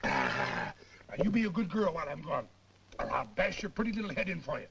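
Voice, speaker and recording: A man's voice: on the high side, wildly swooping pitch, fairly quick, vocal fry, fairly bright tone, dull audio, exaggerated voice. An actor playing a tipsy, charming soldier, coaxing and sweet-talking his sweetheart. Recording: noisy old film soundtrack.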